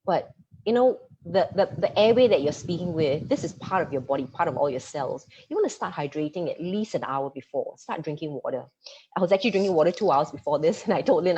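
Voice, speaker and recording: A woman coaching presenters over a video call, talking fast with a lively, easy laugh. Her voice sits low and a little husky. The sound is dull and lo-fi, like a laptop microphone. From Singapore. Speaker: media coach giving a masterclass. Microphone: computer mic on a video call.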